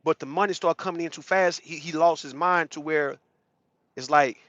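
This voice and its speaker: A man's voice: fairly high pitch, moderate pace, fairly bright tone, dry recording. A man hosting a livestream in casual, slangy, profane talk, greeting chat viewers as he rants, on slightly dull lo-fi audio. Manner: blunt, slangy and profane, greets chatters mid-rant. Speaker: livestream host.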